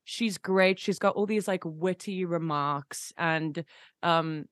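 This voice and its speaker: A young woman with a lowish voice chats as a guest on an interview show. She rambles and gushes, piling up fillers and restarts. The sound is dry and close. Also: slow pace, no echo. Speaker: musician guest. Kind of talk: casual interview chat.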